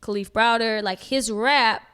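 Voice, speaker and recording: A woman's voice: on the high side, steady tone, unhurried, pushed and bright, smooth. A woman co-hosting a podcast in casual chat, laughing often and talking in slang. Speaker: podcast co-host.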